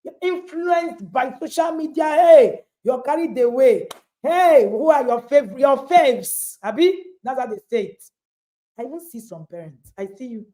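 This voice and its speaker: Nigerian woman giving a parenting talk, voice swings all over, warm low tone, keeps hammering points home. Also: animated, a little slow. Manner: emphatic, repeats points for stress, speaks directly to listeners. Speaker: parenting speaker and author.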